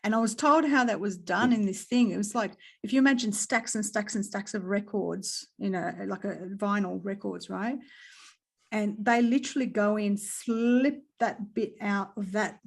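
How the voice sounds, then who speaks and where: A woman with an Australian accent, chatting casually as a guest and telling a story in an animated way, acting out what people said and swearing freely. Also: mid-range voice, normal speed, creaky. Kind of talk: casual chat.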